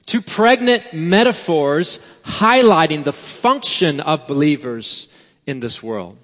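A male pastor delivering a sermon in an earnest, emphatic way, repeating key phrases and pausing for effect. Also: a little high, expressive, a bit bright, long reverb tail, highs cut off. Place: church sanctuary.

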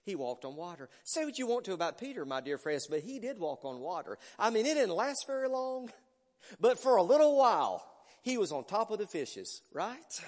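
Brief: high-pitched male pastor preaching dramatically, reverberant hall. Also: big pitch swings, normal speed. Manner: emphatic preaching, dramatic swings from loud to hushed. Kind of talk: sermon.

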